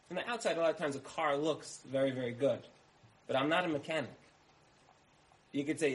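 A man speaking at a middle pitch, telling parables to his listeners. He keeps the delivery conversational and returns to phrases again and again. He often pauses to ask the audience what they think. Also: rough recording. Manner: conversational, uses repetition and asks listeners questions. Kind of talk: storytelling talk with parables.

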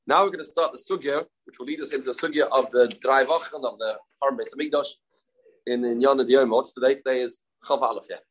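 A man's voice: mid-range voice, steady tone, fast, poor audio. A man with a Yeshivish accent teaching a daily Talmud lesson, repeating key phrases and asking and answering his own questions. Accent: Yeshivish English.

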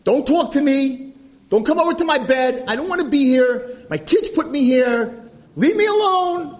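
A man voicing a miserable, angry old man who shouts harshly in a storytelling lesson. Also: extremely high pitch, expressive, moderate pace, pitched above the performer's own voice. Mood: furious.

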